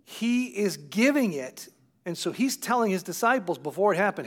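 A man's voice: sits high, very animated, moderate pace. A man preaching a sermon, retelling scripture with acted quotes and putting questions to his listeners. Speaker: pastor.

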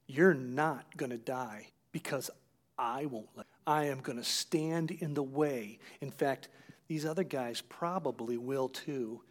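A man retelling a sermon story, voicing an earnest male disciple who pleads in a hushed, insistent voice. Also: a little high, animated, measured pace. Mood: pleading.

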